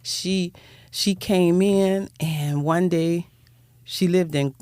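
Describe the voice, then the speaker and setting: A woman's voice: fairly low pitch, steady tone, drawn-out words, darkish tone, no room sound, studio quality. An older woman, recounting her life as a guest in an interview in a heartfelt, rambling way that repeats words. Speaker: guest, nonprofit founder. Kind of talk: personal storytelling in interview.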